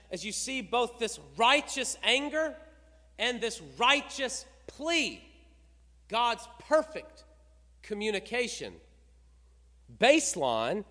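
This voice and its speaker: Middle-aged male pastor, high and lively voice, sermon delivery in a big echoing church. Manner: preaching with rising emphasis, rhetorical questions. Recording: reverberant hall.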